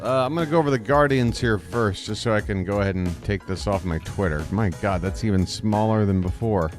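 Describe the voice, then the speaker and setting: A man calling a baseball game as a fan streamer, chatty and self-deprecating, talking straight to his chat on a close desk microphone. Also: fairly low pitch. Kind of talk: live fan play-by-play commentary.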